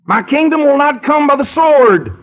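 A man voicing a calm, commanding male teacher who firmly rebukes a follower, in a raised, measured voice. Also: very high-pitched, voice pushed up. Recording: dull lo-fi recording.

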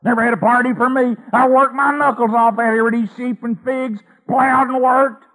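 Resentful older brother, griping and indignant, voice pushed up high, played by a preacher. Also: male voice, fairly even intonation, moderate pace, a bit bright, in a large hall, poor audio. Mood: bitter.

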